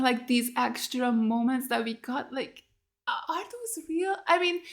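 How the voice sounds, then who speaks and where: Exasperated, foul-mouthed woman reacting. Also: fairly high pitch. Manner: blunt and heavily profane, talking straight at the screen; upset and exasperated, with rhetorical questions and frequent "like". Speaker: YouTube reactor watching a TV series. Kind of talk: casual reaction commentary.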